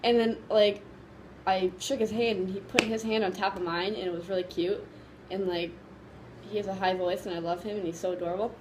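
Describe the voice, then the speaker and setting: A woman vlogger casually telling a story to camera, excited and gushing, rambling with lots of fillers. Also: medium pitch, fairly quick, noisy background.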